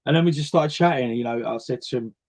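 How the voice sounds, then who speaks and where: A man's voice: medium pitch, fast talker, a little mellow. Man, chatty storyteller, mid-range voice, forties. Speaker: guest singer. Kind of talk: casual interview chat.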